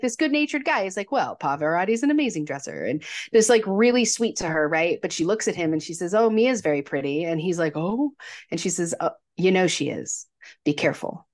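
A woman co-hosting a podcast, retelling movie scenes in casual chat and acting out the characters' lines. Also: medium pitch. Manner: animated storyteller, acts out quotes. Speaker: podcast co-host.

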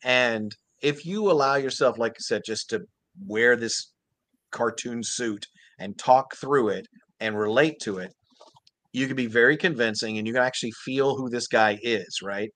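A man, a voice actor guest, telling stories in an animated, earnest way during a casual interview. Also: medium pitch, normal speed, no room sound.

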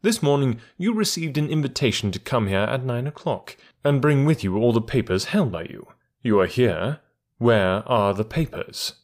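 A man voicing a cool, commanding gentleman burglar in an audiobook, with a measured, sneering manner. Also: medium pitch, sing-song, natural voice. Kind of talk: audiobook character reading.

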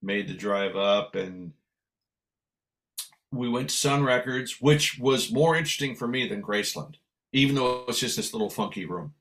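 A man's voice: mid-range voice, moderate pace. An older man from San Francisco, a guest musician, telling a long anecdote in conversation and acting out the voices in it. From San Francisco, USA. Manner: animated anecdote telling with acted dialogue. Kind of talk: storytelling in conversation.

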